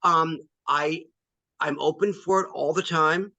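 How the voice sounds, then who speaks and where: A male actor as interview guest, talking candidly and pausing often with ums. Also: on the high side, fairly even intonation, sharp tone, no room sound, rough recording. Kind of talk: casual interview.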